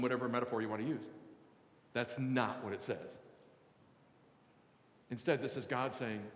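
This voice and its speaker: A man's voice: mid-range voice, very animated, a little slow, pauses often, a bit bright. A male pastor giving a conversational sermon and leading the congregation in repeating a phrase. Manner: conversational, leads congregation in call-and-response. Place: large church hall. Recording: roomy hall with long reverb.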